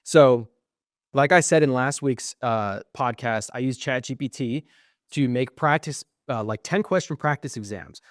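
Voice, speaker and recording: A young man co-hosts a podcast and tells a long, rambling personal story. He swears freely and acts out both sides of the conversation. His voice sits at an average pitch, and the recording is dry and close. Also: a little slow, no room sound. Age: young adult. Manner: animated, profane, acts out quoted exchanges. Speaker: podcast co-host. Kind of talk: casual storytelling.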